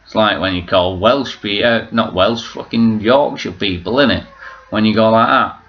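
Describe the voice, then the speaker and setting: A man's voice: fairly low pitch, normal speed, muffled recording. A man vlogging at home, rambling through a joking, self-mocking monologue full of swearing.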